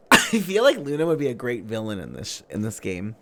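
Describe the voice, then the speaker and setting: A woman's voice: rumbling low, huge pitch swings, normal speed, a bit bright. A young woman streaming a game, chatting in a playful, bubbly way, giggling and swearing freely. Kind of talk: casual live-stream chat while gaming.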